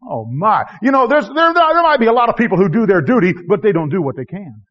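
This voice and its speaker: A man preaching a sermon as a missionary preacher, swinging from shouting to hushed tones and chuckling often. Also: high-pitched, sing-song, fast. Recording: dull lo-fi recording.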